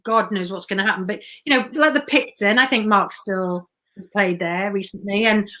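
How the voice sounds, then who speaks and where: A woman, a podcast guest, chatting and telling stories with quick asides. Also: mid-range voice, sharp tone. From Wales. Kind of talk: casual chat.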